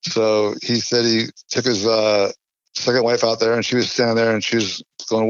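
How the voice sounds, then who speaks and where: Male podcast guest, low voice, rambling filler-heavy storyteller, muffled dry recording. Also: flat delivery, normal speed, smooth, no room sound. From California. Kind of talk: casual storytelling chat. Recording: dull lo-fi dry podcast audio.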